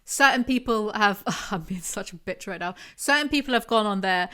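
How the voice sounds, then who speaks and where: Chatty bright-voiced young woman. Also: mid-range voice, expressive, moderate pace. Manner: chatty, rambling, self-deprecating with frequent laughs. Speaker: podcast host. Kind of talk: casual podcast chat.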